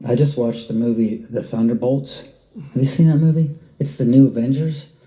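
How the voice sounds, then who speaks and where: Very dark-voiced animated male preacher. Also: normal speed. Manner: animated storyteller, pitch jumps up when excited. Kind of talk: sermon. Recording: roomy echo.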